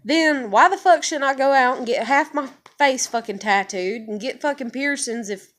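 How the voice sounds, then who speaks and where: A woman's voice: high-pitched, normal speed, a bit bright. A woman vlogger venting to the camera in a casual, frustrated rant that is full of swearing. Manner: frustrated, heavily profane ranting.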